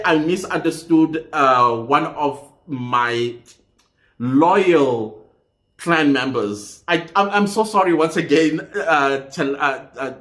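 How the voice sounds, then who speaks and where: A man with a slightly high voice hosts his channel, reading viewer comments aloud and reacting to each one. He talks casually and laughs often. The recording has a roomy echo.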